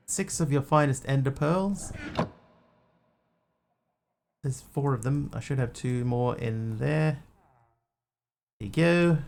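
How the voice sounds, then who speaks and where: Gravelly and fairly bright at a medium pitch, this man's voice carries loose gameplay commentary. He rambles on while streaming, mostly chatting to himself as he plays.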